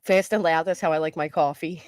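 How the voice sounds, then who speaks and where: A middle-aged woman hosting a live stream, chatting casually with viewers, greeting them by name, and talking fast and loud. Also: deep voice, no room sound, clean studio sound. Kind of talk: casual live chat, reading comments.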